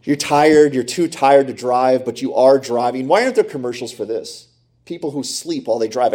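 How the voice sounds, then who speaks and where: A man's voice: medium pitch, dark tone. A middle-aged man preaching a sermon, emphatic, repeating phrases and asking rhetorical questions. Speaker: pastor.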